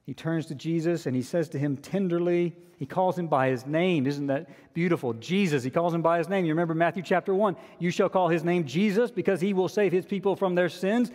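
Earnest preacher in a reverberant hall. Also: male voice, a little high, a little fast, hardly any pauses, darkish tone. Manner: earnest, repeats key phrases for emphasis. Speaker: pastor. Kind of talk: preaching a sermon.

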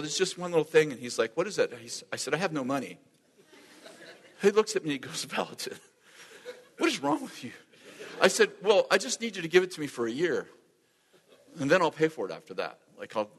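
A man preaching a sermon as a lively storyteller who acts out the dialogue and laughs often. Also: a little high, fast talker. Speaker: pastor. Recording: long hall reverb.

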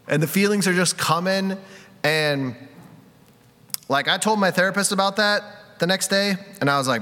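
A man's voice: high voice, moderate pace, pushed and bright. A man preaching a conversational sermon, candid and self-deprecating, with many casual fillers. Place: church sanctuary. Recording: reverberant hall.

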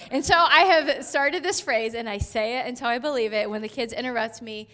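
Woman pastor in her 30s, chatty sermon, lots of likes and laughs, bright kinda high voice. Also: moderate pace. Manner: chatty, laughs a lot, many fillers like "like". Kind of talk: conversational sermon.

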